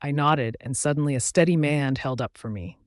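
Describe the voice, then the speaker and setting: A man's voice: on the high side, normal speed, no room sound, studio quality. A man narrating a first-person audiobook in a dramatic, intense storytelling manner.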